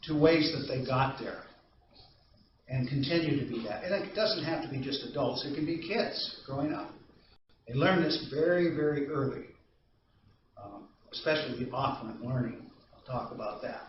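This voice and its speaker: A man's voice: mid-range voice, moderate pace, slight background noise. A man giving an anger management training to a live audience, telling stories in a conversational way and asking the audience questions. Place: training room. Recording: distant echoey room recording, dull sound.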